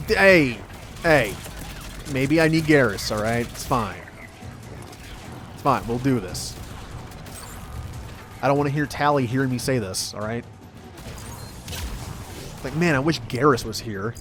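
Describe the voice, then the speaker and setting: A man in the middle of his range rambles casually while playing a game, reacting loudly and chatting with viewers. Game music sits faintly behind his voice. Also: mid-range voice, measured pace, pauses often. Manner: chatty and excitable, yelps and laughs at the game. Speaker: streamer. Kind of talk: casual gameplay commentary.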